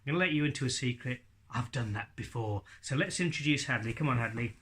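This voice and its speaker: A man's voice: medium pitch, fast, fairly bright tone. A man teaching ventriloquism in a casual video lesson, chatty and laughing often as he demonstrates sounds.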